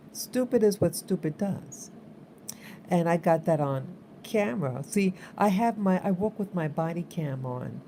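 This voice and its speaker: A woman's voice: on the low side, dark tone, slight background noise. A woman vlogger telling a story in a casual, rambling way, repeating herself for emphasis.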